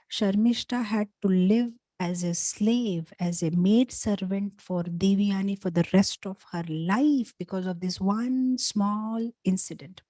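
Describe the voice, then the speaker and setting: A woman, a spiritual teacher, telling scripture stories in a talk, animated, with frequent "you know" fillers. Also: mid-range voice, dry recording.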